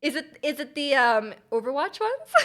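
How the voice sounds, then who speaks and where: Giggly high-voiced Canadian woman. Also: very animated, normal speed, fairly bright tone. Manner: giggly, rambling, many restarts. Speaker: streamer. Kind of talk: casual chat with viewers on a live stream.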